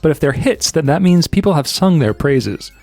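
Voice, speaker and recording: A man's voice: fairly high pitch, animated, moderate pace, darkish tone, faint music behind. A man hosting a podcast in casual chat, rambling with many restarts and frequent laughs. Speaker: podcast host.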